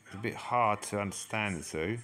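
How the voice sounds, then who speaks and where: A man's voice: on the low side, a little fast, sharp tone, soft background music. A man giving casual, chatty commentary as he explores a game map and exclaims at each new discovery. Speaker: gaming channel host. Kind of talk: casual let's-play commentary.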